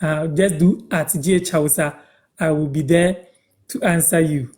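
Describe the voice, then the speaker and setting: A Ghanaian man with a fairly high yet dark, mellow voice runs a relaxed live-stream language lesson. He repeats each word and phrase slowly so learners can catch it.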